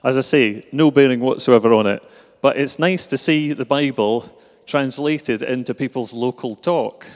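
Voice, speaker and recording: A man's voice: medium pitch, normal speed. Glaswegian man preaching a sermon. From Scotland. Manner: relaxed, self-deprecating, with filler hesitations. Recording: reverberant hall.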